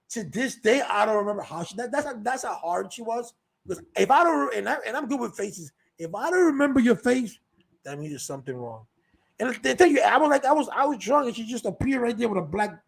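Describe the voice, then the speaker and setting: A man's voice: sits high, creaky, breathy edge, poor audio. A man telling a rambling, profane story in a casual monologue, full of restarts and repeated words. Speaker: show host telling stories.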